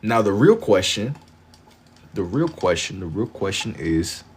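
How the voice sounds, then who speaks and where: A young man chats with his live-stream audience in a loose, slangy way. His voice sits fairly low. He often repeats a phrase two or three times while he gathers his thoughts. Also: big pitch swings, a little slow, slight background noise. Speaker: livestreamer drawing for chat. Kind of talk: casual live-stream chat.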